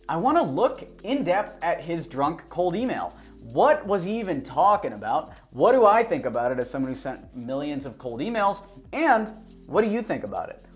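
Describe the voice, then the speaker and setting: A playful male host talks through his video in a loose, joking way, breaking off mid-thought. His voice sits a touch above the usual male range. Soft music plays faintly under him. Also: a little high. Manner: playful, joking, self-interrupting. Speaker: YouTube host. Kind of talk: casual video commentary.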